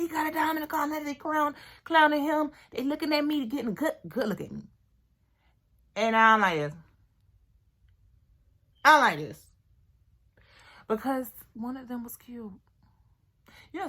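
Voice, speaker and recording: A woman's voice: medium pitch, gravelly. Chatty young woman telling a story. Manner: animated, chatty, drops to near-whisper at times. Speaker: vlogger. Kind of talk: storytime while doing her hair.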